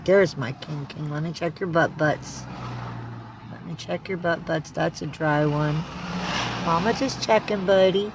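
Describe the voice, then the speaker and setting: A woman's voice: on the low side, fairly even intonation, moderate pace, background noise. A woman on a casual livestream, cooing baby talk to her cats.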